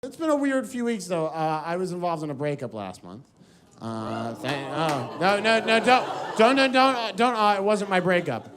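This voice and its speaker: A man doing stand-up, his voice high and swooping all over the place. He is animated and stumbles through filler restarts as he sets up a story, and a live audience is heard around him. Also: moderate pace. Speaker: stand-up comedian. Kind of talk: stand-up comedy set. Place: comedy stage before a live audience. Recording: live set with audience crowd noise.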